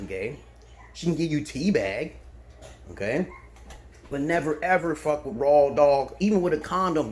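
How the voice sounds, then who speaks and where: Man, slightly high voice, swearing and ranting off the cuff, faint background hum. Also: darkish tone. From Brooklyn, New York. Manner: profane, ranting, emphatic. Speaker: self-styled dating advisor. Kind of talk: unscripted monologue.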